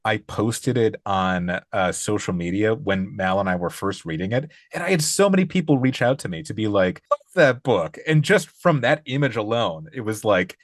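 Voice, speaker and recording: A man's voice: on the low side, animated, moderate pace, hardly any pauses, no room sound, clean studio sound. A man co-hosting a podcast, telling stories in a chatty, easygoing way. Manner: chatty storyteller, laughs easily. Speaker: podcast co-host. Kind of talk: casual chat.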